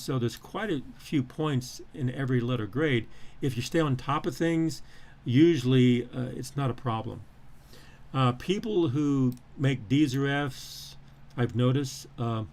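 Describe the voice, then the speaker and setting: A man's voice: mid-range voice, a little mellow. Guy professor rambling thru a syllabus on a livestream, lots of uhs and ums, keeps repeating himself, normal mid voice. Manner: rambling with frequent fillers and restarts; repeats phrases for emphasis. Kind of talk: live-streamed lecture walking through a syllabus.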